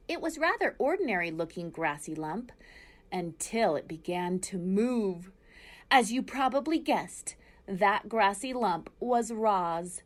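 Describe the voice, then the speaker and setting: A woman reading a children's novel aloud, in an expressive storytelling manner. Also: medium pitch.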